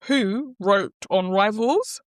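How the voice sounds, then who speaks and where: A woman co-hosting a podcast in casual chat, animated and blunt, joking as she talks through shows. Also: mid-range voice, slow, dry recording, studio quality. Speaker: podcast co-host.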